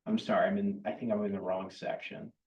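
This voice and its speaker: A man's voice: on the low side, little pitch movement, fairly quick, darkish tone, muffled recording. A man presenting regulation changes at a town board meeting, speaking plainly and matter-of-factly with the odd dry aside. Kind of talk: explaining regulations at a public meeting. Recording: roomy, distant public-meeting recording.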